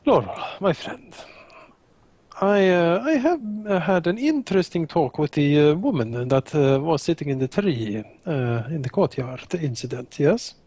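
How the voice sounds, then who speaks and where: Player doing a polite honor-bound man, formal but halting, lively pitch, dry close mic. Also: breathy edge, no room sound. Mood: courteous. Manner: formal, courteous, hesitant with many fillers. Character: Raphael, courteous honor-bound adult man. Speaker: tabletop player.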